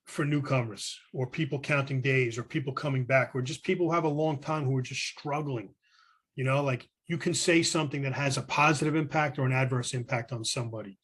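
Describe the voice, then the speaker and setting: A man's voice: medium pitch, breathy edge. A man with a Brooklyn accent giving an earnest, rambling personal share at a recovery meeting over a video call from a hotel room, often restarting his sentences. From New York City.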